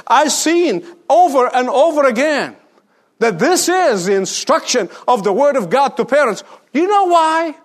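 A man's voice: extremely high pitch, very animated, moderate pace. A middle-aged man preaching a sermon, emphatic and fond of rhetorical questions, repeating lines for stress. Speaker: pastor.

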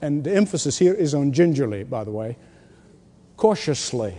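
A pastor preaching a sermon with emphatic delivery, repeating his key lines and swinging between loud declarations and hushed asides. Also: fairly high pitch, expressive, fast. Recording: long hall reverb.

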